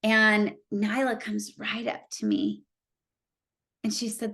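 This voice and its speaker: A woman's voice: medium pitch, moderate pace. Chatty woman telling a story on stage. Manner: chatty, animated, lots of "like" fillers. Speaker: motivational speaker. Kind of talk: storytelling talk to an audience.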